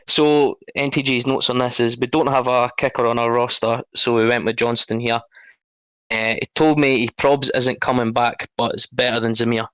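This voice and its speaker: A man's voice: mid-range voice, little pitch movement, moderate pace, fairly bright tone, smooth, no room sound, rough recording. A man on a live draft panel, speaking as a team manager in a matter-of-fact way. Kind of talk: casual panel talk.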